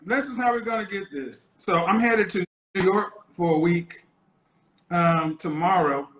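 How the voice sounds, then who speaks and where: A man's voice: high-pitched, a little slow, a bit bright. A man hosting a live stream, lecturing and teasing his audience in a provocative, mocking way. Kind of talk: casual live-stream monologue. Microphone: phone.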